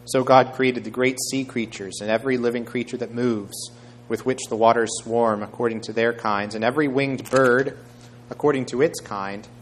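A man preaching a sermon, reading scripture aloud in a measured way and raising his voice for quoted speech. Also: medium pitch, fairly even intonation, a little hiss or hum. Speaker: pastor.

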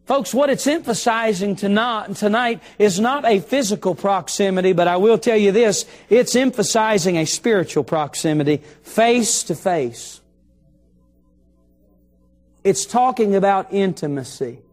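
A middle-aged male preacher delivering an evening sermon in a church, telling a story and slowing down to stress key phrases. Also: high-pitched, faint music behind. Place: church sanctuary.

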